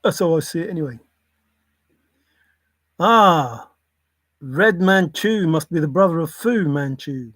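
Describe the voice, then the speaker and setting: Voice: medium pitch, lively intonation, unhurried, long pauses, fairly bright tone, dry recording. An older grandparent hosting a casual livestream, rambling irreverently and swearing offhand as they react to chat. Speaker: livestream host reading chat.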